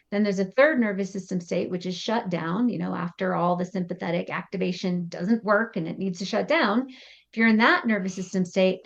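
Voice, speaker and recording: Woman psychotherapist guest, mid-pitched and animated, explaining with acted examples, slightly muffled remote audio. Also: normal speed, vocal fry. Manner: animated, acts out example thoughts in quotes. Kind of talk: explanatory podcast interview.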